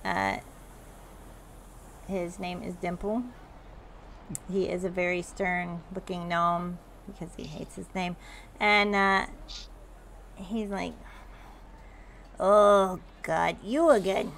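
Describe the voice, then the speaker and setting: A woman game master narrating a tabletop role-playing session, unhurried and hesitant, often pausing mid-thought. Her voice has a gravelly texture, and faint hiss runs under the recording. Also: on the low side, level tone, fairly bright tone. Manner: hesitant, full of pauses.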